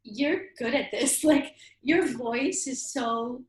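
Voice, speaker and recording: High-voiced, tearful woman in an echoey room. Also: takes it slowly. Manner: relaxed, tearful, laughing. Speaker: meditation group member. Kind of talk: casual group video call. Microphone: video call.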